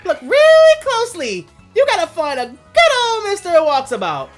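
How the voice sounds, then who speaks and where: Man putting on a squeaky bubbly girl streamer. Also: wildly swooping pitch, normal speed, faint music behind, exaggerated voice. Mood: peppy teasing. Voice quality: pinched falsetto. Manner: peppy, teasing, brash. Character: bubbly female streamer gym leader. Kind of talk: video game voice-over.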